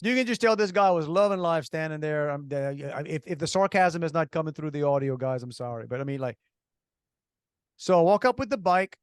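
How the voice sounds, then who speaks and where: Guy co-hosting a radio show, sarcastic rambling stories, kinda high voice, dry sound. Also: a little fast, clear, resonant tone, no echo. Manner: animated storyteller, sarcastic, many restarts. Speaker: radio co-host. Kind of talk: casual radio chat.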